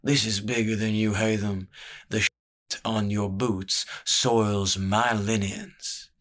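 A man voicing a sly, calculating older male spymaster who talks slowly and smoothly, needling as he goes. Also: on the low side, flat delivery, a bit bright. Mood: cool, needling.

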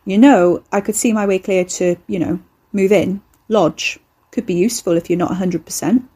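A woman's voice: medium pitch, normal speed, warm tone, breathy edge, lightly acted. A woman voicing a cocky young man who is an eldritch horror in human form, talking in a casual, slangy, offhand way. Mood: breezy. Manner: casual, slangy, chatty, unbothered.

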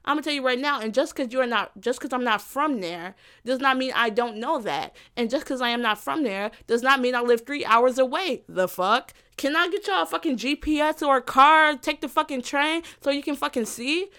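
High-voiced young woman ranting, profane. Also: moderate pace, few pauses, pushed and bright, clean tone. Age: young adult. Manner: profane, exasperated, sarcastic. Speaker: podcast host. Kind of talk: heated solo podcast rant. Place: room alone.

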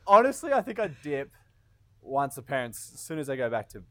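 A man's voice: medium pitch, very animated, fairly quick, pushed and bright. A man bantering on a casual comedy podcast, cutting in with teasing quips and chuckles.

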